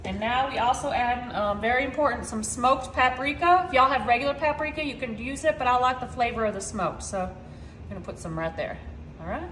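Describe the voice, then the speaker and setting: Chatty high-voiced woman cooking at home. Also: fairly quick, roomy sound, a little hiss or hum. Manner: chatty, keeps addressing viewers as y'all; excitable about food. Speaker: cooking vlogger. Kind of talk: casual cooking demonstration. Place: home kitchen.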